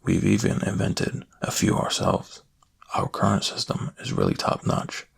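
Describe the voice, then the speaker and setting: A man's voice: lowish voice, flat delivery, measured pace, creaky, slight background noise. A man voicing a frantic older male scientist with a Scottish accent in a whispered role-play, brusque and then lecturing. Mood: explaining.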